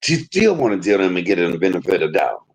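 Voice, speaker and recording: A man hosting a livestream, venting in an aggrieved rant that swings between loud outbursts and low muttering. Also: big pitch swings, quick pace, slightly rough. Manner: swears freely, talks straight to viewers. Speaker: livestream host.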